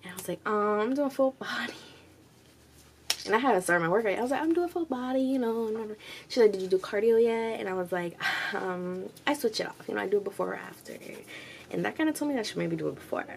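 A young adult woman vlogging casually, retelling a story in a chatty, animated way with lots of quoted dialogue and swearing. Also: medium pitch, racing, creaky, slight background noise.

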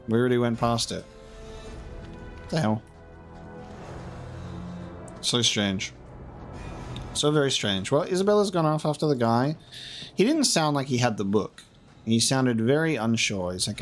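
A man's voice: mid-range voice, expressive, a little slow, pauses often. A man giving casual gameplay commentary, chatty and self-mocking, swearing and laughing often. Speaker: let's play gamer. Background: faint game music.

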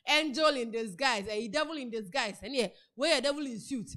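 A woman's voice: fairly high pitch, a little fast. A woman with a Ghanaian accent giving casual, chatty celebrity news commentary, retelling a story with lots of repetition. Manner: chatty, animated storytelling with repeated words. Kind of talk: casual news commentary mixing Twi and English.

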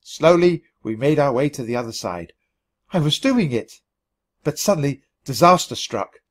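A man reading a children's storybook aloud for learners, in an expressive, animated way. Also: medium pitch, moderate pace. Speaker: storybook reader.

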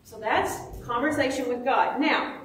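A woman's voice: high voice, a little slow, a little hiss or hum. A woman teaching a children's Bible lesson, asking the kids questions and acting out little prayers in playful voices. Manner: lively, asks questions, acts out little prayers. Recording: echoey room, mic far off.

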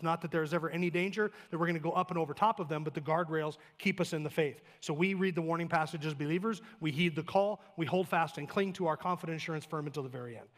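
Emphatic male pastor preaching fast. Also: a little high, a bit bright, in a large hall. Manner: emphatic, building lists of short clauses; plain conversational asides with light humor. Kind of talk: sermon. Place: church sanctuary.

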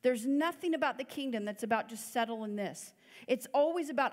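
Woman, guest preacher, sermon, fairly high voice, earnest and chatty, long hall echo. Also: a little fast. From United States. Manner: conversational, earnest, many "you know" fillers. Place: church hall. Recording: long church hall reverb.

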